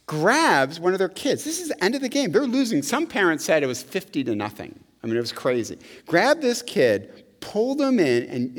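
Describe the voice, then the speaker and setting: A middle-aged male pastor preaching a conversational, animated sermon, often checking in with "right?". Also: on the high side. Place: church sanctuary. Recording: long hall reverb.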